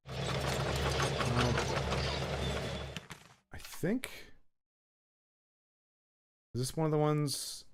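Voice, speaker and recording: A man's voice: on the high side, drawn-out words, long pauses, background noise. A man giving casual, joking commentary while playing a card game, muttering to himself between asides to his viewers. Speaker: gaming channel host.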